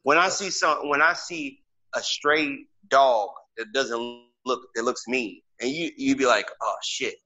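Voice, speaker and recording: A man's voice: medium pitch, measured pace, pushed and bright. A man co-hosting a casual podcast, talking emphatically and leaning hard on filler words. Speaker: podcast co-host.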